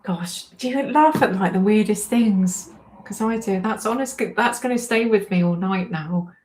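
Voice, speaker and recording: A woman's voice: mid-range voice, normal speed, a little mellow. Woman, forties, livestream host, casual chat, giggly, self-deprecating. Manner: giggly, keeps breaking into laughter.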